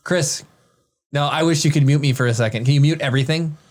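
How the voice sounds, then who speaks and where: Male podcast co-host, thirties, slightly high voice, animated rambler. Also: fast. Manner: rambling, animated storytelling with restarts. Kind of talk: casual chat.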